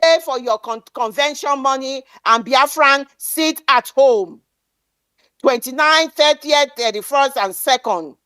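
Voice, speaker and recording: A woman's voice: high-pitched, measured pace, sharp tone, no echo. A woman giving an impassioned political speech, defiant and declamatory, repeating lines for emphasis. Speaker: speaker at an online activist meeting.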